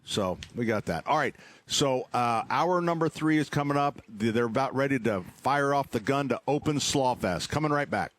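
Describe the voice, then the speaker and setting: A man's voice: mid-range voice, animated, moderate pace, fairly bright tone, dry recording. A man who runs a garden center, chatting casually and joking about himself on a live radio show. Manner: joking, rambling, self-mocking.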